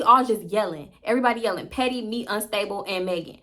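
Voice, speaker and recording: A woman in her twenties with a Houston accent, telling a story in an animated, profane way to her viewers. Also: mid-range voice, quick pace, few pauses. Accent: Houston, Texas. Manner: profane, animated, laughing asides. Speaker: vlogger. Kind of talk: casual storytime monologue.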